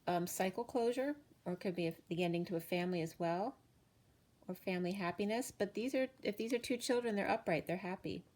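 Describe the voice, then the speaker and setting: Chatty woman reading tarot, a bit hoarse. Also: mid-range voice, darkish tone. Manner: chatty, thinks aloud with fillers and self-corrections. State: hoarse, losing her voice. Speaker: tarot reader. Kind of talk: casual tarot card reading.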